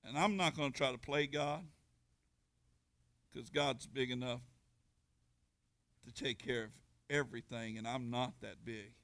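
A man's voice: medium pitch, unhurried, gravelly, pauses often. A man preaching a sermon to a church congregation, reading scripture and then calling out to the crowd with sudden surges of volume. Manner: preaching with rising bursts of volume and call-outs to the congregation; reads scripture aloud, then drops to quiet asides. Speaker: pastor.

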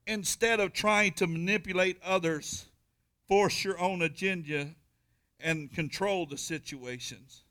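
A male pastor with a bright, ringing voice, pitched a little high for a man. He reads scripture and then preaches in rising bursts, calling out to the congregation before dropping to quiet asides. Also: unhurried. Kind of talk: sermon. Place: church.

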